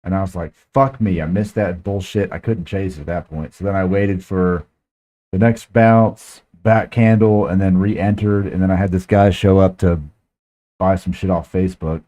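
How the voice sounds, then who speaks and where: A man's voice: low-pitched, steady tone, normal speed, dark tone. A man hosting a podcast, telling a frustrated, profane story in casual chat. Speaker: podcast host.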